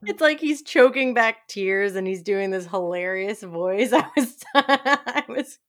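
Her medium-pitched voice moves a little slowly but with lively intonation as she co-hosts a podcast. She recaps a TV episode casually and giggles often while talking.

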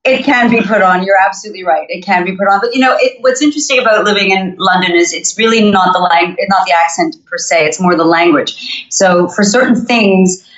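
A woman's voice: mid-range voice, a bit bright. Upbeat North American woman, roomy lo-fi call. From Montreal, Canada. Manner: upbeat, chatty, quick to laugh. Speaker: singer-songwriter guest. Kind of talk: casual interview chat. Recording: roomy, dull lo-fi remote audio.

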